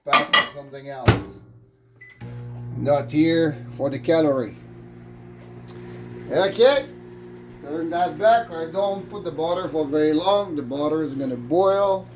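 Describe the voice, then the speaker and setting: A man's voice: a little high, a little slow, pauses often. A man with a French accent, chatting casually and rambling with jokey asides while cooking in his home kitchen. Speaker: vlogger cooking on camera. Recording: echoey kitchen with faint noise.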